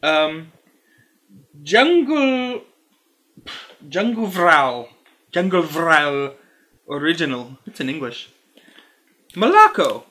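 An actor playing a fussy, squeamish male candy reviewer who hosts a comedy review, talking slowly and over-formally to camera. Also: on the high side, big pitch swings, sharp tone, heavily acted. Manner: slow, overly formal, wildly swinging delivery.

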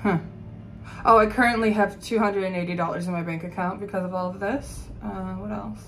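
A woman's voice: mid-range voice, fairly even intonation, fairly quick, a bit bright, faint music behind, low-quality recording. A young woman in her twenties talking casually to her phone camera in her apartment, candid and self-mocking, with lots of fillers. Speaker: vlogger. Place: her apartment in New York.

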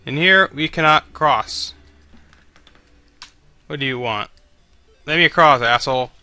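A man's voice: a little high, animated, a little slow, pauses often, pushed and bright, dry recording, faint music behind. A man commentating on a video game he is playing, swearing constantly and griping sarcastically at the characters. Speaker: let's play commentator.

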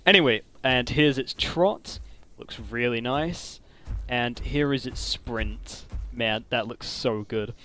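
A man giving casual commentary on a game mod, excitable and gushing, with frequent exclamations. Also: medium pitch, slow. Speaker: gaming commentator.

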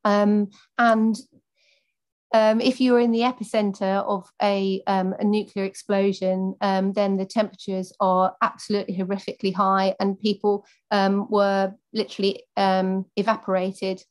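A woman's voice: medium pitch, flat delivery, moderate pace. A woman campaigner speaking earnestly, giving a prepared speech and then answering questions off the cuff with many fillers.

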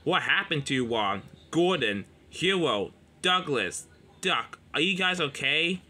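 A man's voice: fairly high pitch, animated, measured pace, bright, forceful tone, slight background noise, full character voice. A man voicing a small worried male inspection car checking on the engines.

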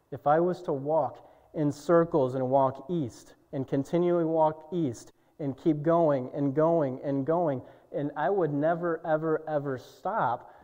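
A young man preaching a sermon, swinging from shouted climaxes to low, quiet passages. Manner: impassioned preaching, soaring to shouts and dropping low. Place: church sanctuary. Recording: dull recording with long church reverb.

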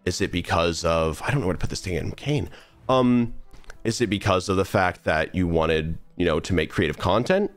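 A man's voice: low voice, normal speed, faint music behind. A young man streamer talking earnestly in a casual, rambling monologue full of restarts while he plays a game. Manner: rambling, earnest, many restarts and trailing asides.

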